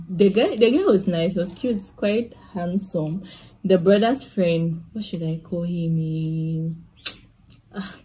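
A young woman telling a casual storytime vlog, chatty and animated, full of asides and laughs. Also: on the low side, a little hiss or hum. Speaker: vlogger.

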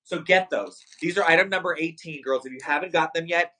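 A man hosting a live shopping stream with a bright, forward voice pitched a little high. He talks fast and excitably, hyping each product and calling out to his viewers. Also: husky, rough recording. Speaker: livestream shopping host. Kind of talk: live sales stream chat.

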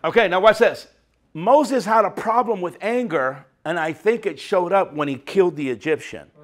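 Male preacher, high voice, lively conversational sermon delivery. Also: moderate pace. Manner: animated, chatty preaching.

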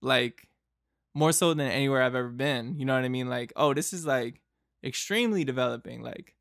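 Young guy from boston rambling through a travel story, lots of likes and you-knows, kinda gravelly. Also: medium pitch, brisk, a bit bright, no room sound, studio quality. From Boston, United States. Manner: rambling, filler-heavy, laughs often. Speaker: podcast host.

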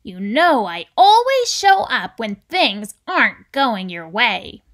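A woman voicing Anger, a personified male spirit who speaks in a sly, conspiratorial way and turns soft. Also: fairly high pitch, big pitch swings, takes it slowly, heavily acted. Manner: conspiratorial, later soft and whispery. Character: personified Anger, a male spirit friend, hotheaded then tired.

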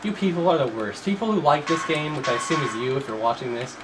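A man doing profane, mocking commentary over gameplay, swinging into fake excitement and yelling at enemies. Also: on the high side, quick pace, noisy background. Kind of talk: sarcastic let's-play commentary.

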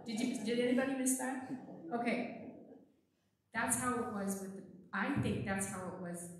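A woman with a fairly high voice gives a children's sermon, coaxing the kids along with question after question. She sounds distant from the mic, and the church around her rings with a heavy echo. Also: fairly even intonation, moderate pace, noisy background. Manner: playful, coaxing, asks the children many questions. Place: church sanctuary. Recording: echoey church from far off.

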